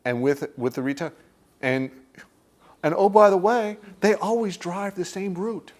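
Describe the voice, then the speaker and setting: A man's voice: high-pitched, a little slow, a crowd in the background. A man teaching a workshop group in a conversational way. He often checks in with "okay?" and acts out inner voices while he explains.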